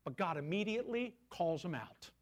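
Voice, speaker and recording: A man's voice: sits high, expressive, moderate pace. A male pastor preaching a sermon in a conversational way, often asking his listeners questions.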